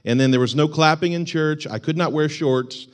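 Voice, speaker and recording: A man preaches to his congregation with an easy, joking manner. He is a young adult pastor whose voice sits slightly high. He laughs along with his own stories and throws in mock shouts. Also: moderate pace, clean tone. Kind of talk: sermon. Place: church sanctuary.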